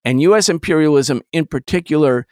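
A man's voice: fairly high pitch, fairly quick, a little mellow, no room sound. A man hosting political commentary, talking in an indignant, emphatic way into a close studio mic. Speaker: host.

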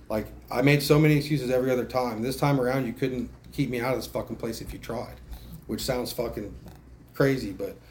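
A man's voice: on the low side, a little mellow, a little hiss or hum. A man telling his recovery story at a meeting, casual and profane, self-mocking, with lots of fillers and restarts. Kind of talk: candid spoken testimony.

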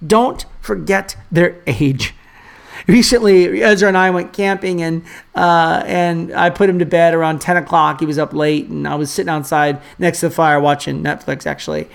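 A man preaches a sermon with a rough, gravelly texture. He drives points home by repeating them, then slides into chatty, offhand asides to the congregation. He sounds like a pastor with young kids at home. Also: a little high, steady tone, moderate pace. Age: adult father of young children. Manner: emphatic, repeats key phrases for the congregation; conversational asides and fillers.

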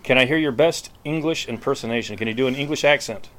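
A man from the United States doing casual street interviews outdoors, with a playful, mock-grand, deadpan way of talking. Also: medium pitch, fast talker. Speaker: street interviewer, podcast reporter.

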